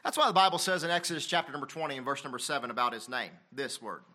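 A man preaching a sermon, swinging between loud emphatic passages and quiet, confessional ones, reading scripture aloud. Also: medium pitch, very fast. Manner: reads King James scripture aloud.

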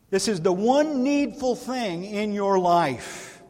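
A male pastor preaching a sermon in a church, earnest and emphatic, with long pauses. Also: high voice, big pitch swings, darkish tone. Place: church sanctuary. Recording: reverberant church hall.

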